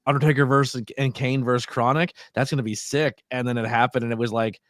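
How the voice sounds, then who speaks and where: A man co-hosting a casual wrestling podcast over a video call, talking in a relaxed, rambling way with lots of fillers and quick laughs. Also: mid-range voice, no room sound, clean studio sound. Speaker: podcast co-host.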